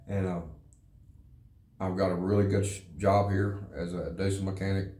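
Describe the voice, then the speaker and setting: Deep, flat-voiced man in an echoey room. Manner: halting and earnest, repeats words. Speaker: interviewee, former prisoner in a recovery program. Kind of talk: personal testimony.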